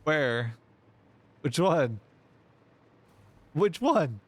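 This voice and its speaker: A man's voice: a little high, very animated, drawn-out words, dry recording. A man livestreaming a game, chatting casually with his viewers and reading their messages aloud, with playful mock-dramatic whining. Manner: reads chat messages aloud. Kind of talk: casual gaming livestream chat.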